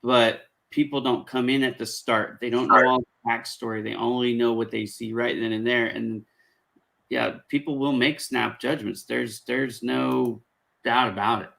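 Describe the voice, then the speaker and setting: A man's voice: mid-range voice, steady tone, moderate pace, vocal fry, bright, forceful tone, poor audio. A man in his forties hosting a casual chat, giving earnest, emphatic advice. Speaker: host.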